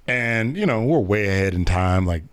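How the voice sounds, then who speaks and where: A man chatting casually as a guest on a podcast, lively and quick to riff and joke. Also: lowish voice. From grew up partly in West Germany. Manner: animated, riffs and sings along. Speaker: guest voice actor.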